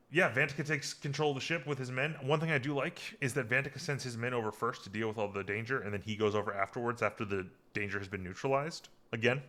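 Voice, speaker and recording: A man's voice: fairly low pitch, pushed and bright. A man hosting a podcast, casually recapping a TV episode in a rambling way, full of fillers and restarts. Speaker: podcast host.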